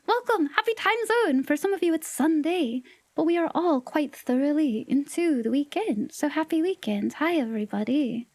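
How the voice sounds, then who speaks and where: A woman's voice: sits high, a little mellow, dry recording. A woman livestreamer chatting casually with her viewers, playful and teasing, sometimes dropping into whispered asides. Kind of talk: casual live-stream chat with viewers.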